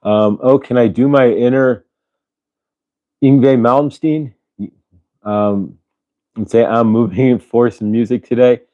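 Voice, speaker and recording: A man's voice: medium pitch, a little slow, no echo, narrow, tinny audio. A man hosting a casual spiritual livestream, talking loosely and reading out viewers' chat messages. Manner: relaxed, rambling, reads chat aloud. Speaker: host.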